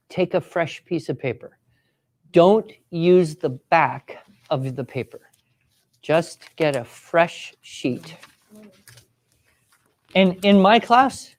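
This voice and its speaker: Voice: medium pitch, a little mellow. A writing teacher leading a live classroom workshop, encouraging students and giving step-by-step directions. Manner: acts out sample voices for students.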